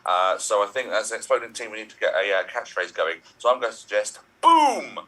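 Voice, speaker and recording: A man who plays improv, chatting hesitantly on a video call with many pauses and fillers. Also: fairly low pitch, bright, forceful tone, recorded from a distance, poor audio. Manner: hesitant, lots of uh, rambling. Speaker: improv player. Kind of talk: casual chat on a video call.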